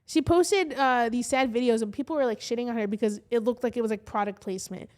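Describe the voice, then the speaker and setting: Midwestern woman, high chatty voice. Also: fast talker, a little mellow. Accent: Midwestern American. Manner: swears freely, rambling storytelling with lots of fillers. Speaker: podcast co-host. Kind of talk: casual chat.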